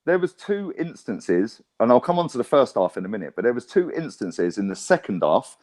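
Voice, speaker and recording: A man's voice: mid-range voice, sing-song, brisk, darkish tone. A young man, talking football on a fan show in blunt, emphatic casual chat with plenty of swearing.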